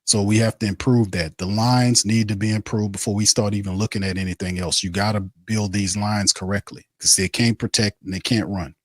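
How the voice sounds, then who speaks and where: A man's voice: fairly low pitch, fairly even intonation, fairly quick, hardly any pauses, dry recording, clean studio sound. A man hosting a postgame sports show. He rants bluntly and heatedly and keeps repeating his phrases. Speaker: sports talk show host.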